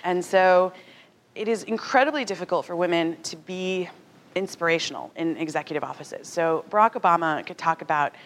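Woman, 30s, public talk, conversational, animated, slightly low voice. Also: brisk. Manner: animated, conversational, acts out quotes. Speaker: speaker at a talk.

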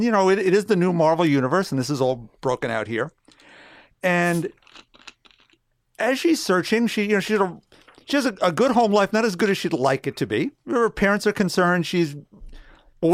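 Slightly high-voiced man recapping comics. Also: a little fast, no echo. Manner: steady, detailed storytelling. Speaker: podcast co-host. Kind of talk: casual chat, summarizing comics.

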